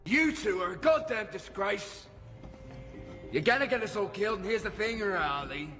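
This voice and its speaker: A man's voice: high-pitched, lively intonation, moderate pace, music in the background. An actor playing an angry military officer scolding his comrades in a film scene. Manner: scolding, barking.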